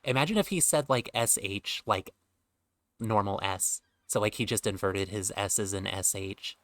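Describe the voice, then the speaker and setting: A man's voice: fairly low pitch, unhurried, dry recording. A man streaming a game, chatting casually, rambling and joking with offhand swearing. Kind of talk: casual gameplay commentary.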